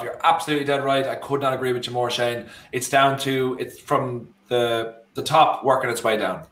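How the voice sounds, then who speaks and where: A man's voice: mid-range voice, a little fast, hardly any pauses. Irish man chatting football, roomy sound. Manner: rambling, animated, self-correcting. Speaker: co-host. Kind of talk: casual football watchalong chat. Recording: roomy echo.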